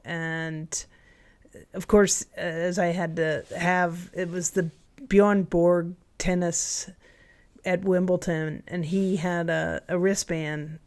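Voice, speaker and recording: Slow-talking woman in her fifties, low voice. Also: a little mellow. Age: 50s. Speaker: camp owner, guest. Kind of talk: casual interview chat.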